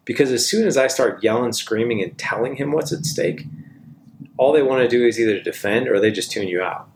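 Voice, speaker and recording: A man's voice: mid-range voice, fairly quick, slight background noise. A middle-aged man giving a conversational coaching talk about parenting, emphatic and often checking in with tag questions. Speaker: parenting speaker.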